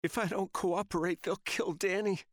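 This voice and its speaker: A man's voice: high-pitched, fairly even intonation, normal speed, no echo, clean studio sound, voice pushed up, lightly acted. A man voicing a furious, heartbroken young woman who speaks in a raw, accusing way.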